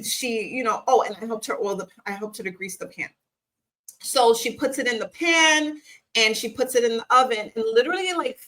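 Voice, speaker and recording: Bright-voiced woman coaching viewers. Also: on the high side, rough recording. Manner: encouraging, talks straight to the viewer with repeated questions. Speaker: business coach. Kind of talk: faith-based motivational YouTube talk.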